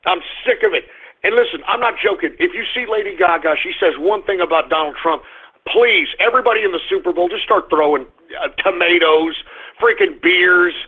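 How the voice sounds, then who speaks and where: Here a man speaks fairly quickly in a high, slightly rough voice. The recording has narrow phone-line sound as this radio show host rants profanely and angrily between blunt market updates, with sudden bursts of shouting in his talk radio monologue.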